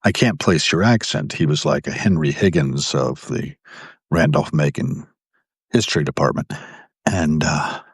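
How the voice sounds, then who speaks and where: A husky, rumbling low voice, a little slow, belongs to a Virginia man in his sixties hosting a live video. He rambles through personal stories and self-corrects often, in a room of an old building, with a dry, studio-quality recording.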